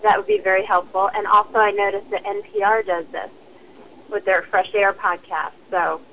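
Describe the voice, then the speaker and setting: A woman's voice: mid-range voice, sing-song, moderate pace, gravelly. A woman leaving a polite, chatty voicemail for a podcast. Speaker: caller. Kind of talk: voicemail message. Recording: muffled phone line with faint hiss.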